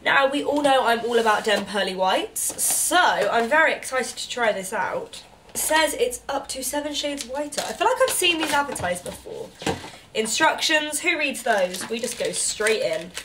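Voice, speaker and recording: Bubbly high-voiced woman, stuffy nose. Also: expressive, moderate pace, background noise. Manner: bubbly, chatty, gasps and coos at each item. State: congested with a cold. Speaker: beauty vlogger. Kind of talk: casual unboxing chat.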